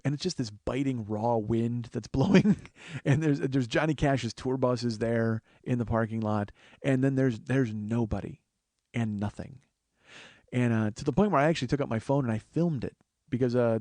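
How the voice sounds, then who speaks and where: A man's voice: mid-range voice, mellow, no echo. Wry, profane man telling a story. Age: 40s. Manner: profane, wry, acts out other people's voices. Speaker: podcast host. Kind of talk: solo storytelling monologue.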